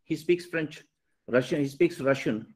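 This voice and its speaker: A man's voice: a little high, unhurried, darkish tone. A man with an Indian English accent, interviewing eagerly, agreeing often and searching for words. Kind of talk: interview conversation.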